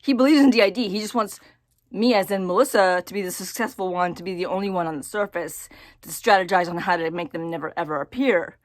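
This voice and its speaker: A woman talking casually to camera in a personal vlog, halting and repeating her words as she thinks aloud. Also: lowish voice, no echo, clean studio sound. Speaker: vlogger.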